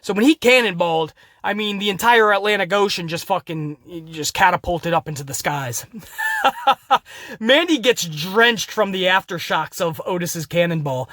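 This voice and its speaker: High-voiced animated podcast man. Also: moderate pace, dry recording, studio quality. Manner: animated, laughing, profane, addresses listeners as guys. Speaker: podcast host. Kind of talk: wrestling recap podcast.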